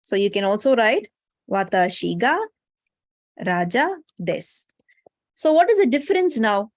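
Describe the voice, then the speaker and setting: A woman's voice: medium pitch, sing-song, unhurried, dry recording, studio quality. A woman with an Indian English accent, teaching a Japanese grammar class. She explains patiently and keeps checking in with "no?" and "right?". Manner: explanatory, often tags sentences with "no?" and "right?". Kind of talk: online class lecture. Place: online class.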